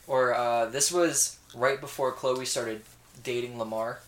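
A man's voice: mid-range voice, unhurried. A man co-hosting a casual podcast, animatedly retelling a reality show with lots of swearing. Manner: ranting, profane, animated storytelling. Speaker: podcast co-host. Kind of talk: casual chat.

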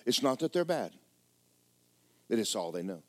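A man preaching a folksy, conversational sermon. He tells stories and drops into quiet asides. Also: lowish voice, big pitch swings, normal speed, no room sound. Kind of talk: sermon with storytelling.

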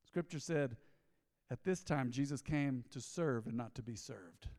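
A man preaching a sermon as pastor, telling a story in a lively way and acting out the dialogue. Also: medium pitch, a little slow. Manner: storytelling, animated, acts out dialogue. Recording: long hall reverb.

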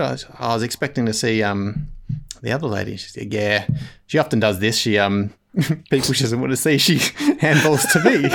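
A man's voice: mid-range voice, expressive, a little fast, gravelly, fairly bright tone. A man, telling a long self-mocking story in casual chat, rambling and laughing often. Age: 30s.

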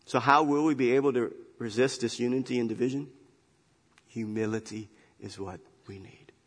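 A man preaching a sermon as pastor, emphatic and animated, swinging between loud emphasis and quiet asides. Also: mid-range voice, moderate pace, husky, big-room sound. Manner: animated, emphatic storytelling with big swings in loudness. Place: church sanctuary.

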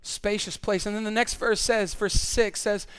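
A man's voice: high-pitched, little pitch movement, moderate pace, a bit bright, smooth. A male pastor preaching a sermon in an earnest way, often repeating words as he stresses a point.

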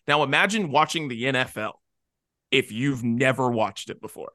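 A man co-hosting a casual podcast, talking animatedly and acting out imagined people in quick asides. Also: medium pitch, bright, forceful tone, no room sound, clean studio sound. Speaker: podcast co-host.

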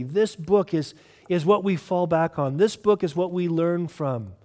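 Emphatic high-voiced male preacher in a hall. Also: moderate pace. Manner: emphatic preaching, swinging from loud to hushed. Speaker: pastor. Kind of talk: sermon.

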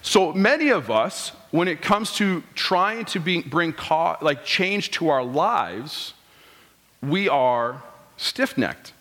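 A male pastor in his thirties delivers a casual, story-driven sermon, tossing out rhetorical questions and quoting his listeners in playful voices. His voice sits slightly high for a man. The church hall adds a long, ringing reverb. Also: expressive, slow pace, a bit bright. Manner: conversational preaching, rhetorical questions, quotes people in voices. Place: church sanctuary.

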